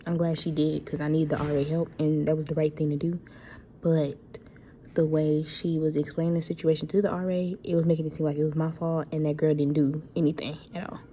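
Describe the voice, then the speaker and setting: A young woman, calmly clearing up a point for viewers. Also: low-pitched, brisk, a little hiss or hum. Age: young adult. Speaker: vlogger. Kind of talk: clarifying aside to viewers.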